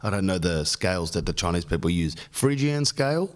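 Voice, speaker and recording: Rambling jokey Australian man, lowish voice. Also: lively intonation, brisk. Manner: rambling, jokey, riffs on lists. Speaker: podcast host. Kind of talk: casual storytelling monologue.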